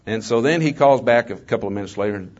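An older man, a former mayor, gives a testimony talk to an audience as a guest speaker, telling stories in a folksy, conversational way with joking asides. His voice sits on the low side and moves at a quick pace. The lo-fi recording sounds slightly dull.

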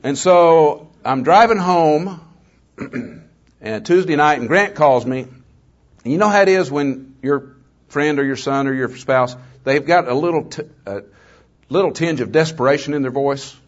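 A man's voice: on the high side, measured pace. An older man and former mayor giving a testimony talk to an audience, telling stories in a folksy, conversational way with joking asides. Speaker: guest speaker, former mayor. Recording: slightly dull lo-fi recording.

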